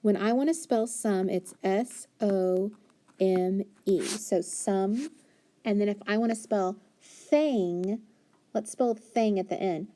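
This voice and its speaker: Encouraging woman teaching phonics slowly. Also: mid-range voice, dark tone, slight background noise. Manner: patient, encouraging, sounds words out slowly. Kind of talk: phonics lesson for young children.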